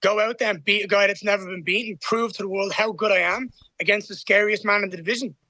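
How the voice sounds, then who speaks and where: A man speaking in an interview, confident and eager. His voice is high and bright, with a dry, close sound. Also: steady tone, fast talker, dry recording. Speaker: fighter interviewed.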